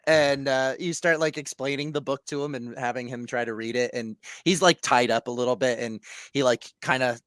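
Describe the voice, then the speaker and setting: A man's voice: mid-range voice, steady tone, fairly quick, fairly bright tone, dry recording. A young man narrating as game master of a comedy tabletop game, rambling with fillers and laughing often.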